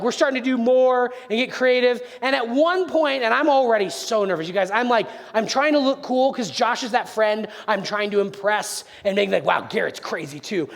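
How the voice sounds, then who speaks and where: A man telling a playful story in a sermon, speaking with animation straight to his listeners. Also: sits high. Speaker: preacher. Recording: long hall reverb.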